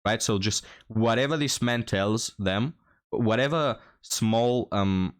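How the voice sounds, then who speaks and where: Scornful lecturing man, low voice. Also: takes it slowly, clear, resonant tone. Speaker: reaction commentator. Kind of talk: mocking reaction commentary.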